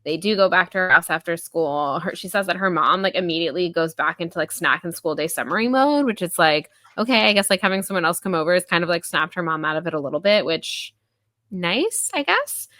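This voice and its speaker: Podcast lady retelling a book, lots of likes and ums, bright voice, dry close mic. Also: lowish voice, animated, dry recording. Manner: chatty, many fillers, quick voiced quotes. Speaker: podcast host. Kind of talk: casual book review chat.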